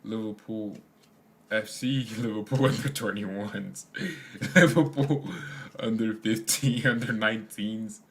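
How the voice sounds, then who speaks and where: A man's voice: lowish voice, slow, a bit bright. A young man hosting a casual fan livestream, rambling in slangy chat, laughing often and reading comments aloud. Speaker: fan channel host.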